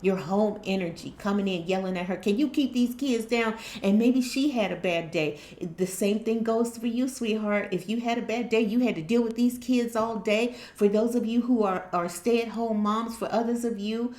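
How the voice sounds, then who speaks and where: A woman's voice: medium pitch, steady tone, normal speed, a little mellow, roomy sound. A woman giving casual motivational life advice, acting out everyday dialogues and often checking in with her listeners. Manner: conversational, acts out little dialogues, checks in with "you know what I mean?". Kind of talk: casual motivational talk to camera.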